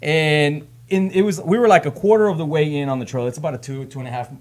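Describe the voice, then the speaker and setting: A man in his thirties co-hosting a relaxed podcast, telling a long, winding story and laughing along the way. His voice sits a bit high, and he tends to restart and repeat his phrases. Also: fast talker. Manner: rambling storyteller, laughs often, repeats himself. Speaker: podcast host. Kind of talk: casual chat.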